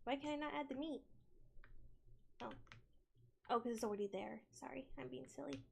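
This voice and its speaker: A woman's voice: sits high, normal speed, vocal fry, slight background noise. Jumpy young woman gaming streamer. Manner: jumpy, screams loudly at scares then chatters and apologizes. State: sick. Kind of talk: casual horror game commentary.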